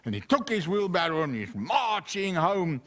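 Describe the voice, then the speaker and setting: A man's voice: sits high, moderate pace. A man, a pastor, telling a children's story in church and asking the children questions. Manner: animated, asks the children questions.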